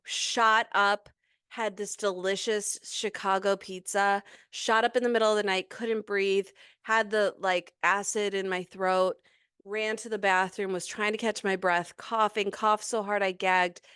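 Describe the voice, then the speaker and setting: Pregnant woman in her thirties, podcast co-host, smooth and clear, close dry mic, chatty run-on storyteller. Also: mid-range voice, flat delivery, measured pace, fairly bright tone, dry recording. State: heavily pregnant. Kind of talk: casual chat.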